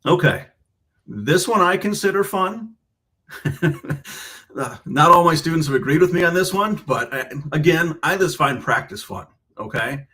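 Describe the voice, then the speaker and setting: A man's voice: on the high side, expressive, normal speed, sharp tone. A man who teaches guitar, explaining rhythm and counting subdivisions aloud while checking in with the listener. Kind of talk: explaining and demonstrating a lesson. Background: guitar playing.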